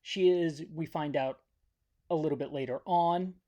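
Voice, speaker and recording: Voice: mid-range voice, normal speed, warm tone, muffled recording. A host retelling a horror movie's plot from memory in a rambling, joking way, tripping over words and correcting themselves. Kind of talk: comedic movie recap.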